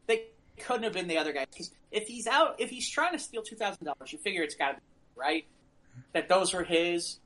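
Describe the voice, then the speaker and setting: A man co-hosting a podcast, chatting casually and rambling with animated jokes while reading out news stories. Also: high-pitched. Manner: animated, rambling, quick to joke. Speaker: podcast co-host. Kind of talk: casual chat.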